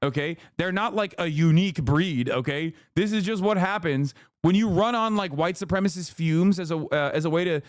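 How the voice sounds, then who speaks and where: A man's voice: fairly high pitch, moderate pace, hardly any pauses, no room sound. Profane, ranting man. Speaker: streamer. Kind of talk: casual reaction commentary.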